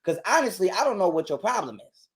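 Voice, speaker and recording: A man's voice: high voice, sing-song, fast. A man telling a heated, profane story as a guest on an interview show. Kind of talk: casual storytelling.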